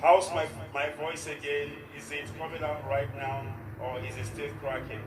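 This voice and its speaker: A man's voice: on the high side, level tone, normal speed, noisy background. Formal radio host man, echoey room. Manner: formal, repeats "of course" often. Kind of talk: live radio talk with prayer.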